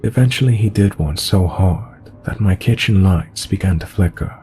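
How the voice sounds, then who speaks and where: A man reading a first-person story aloud in an even, measured scripted narration. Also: deep voice, soft background music.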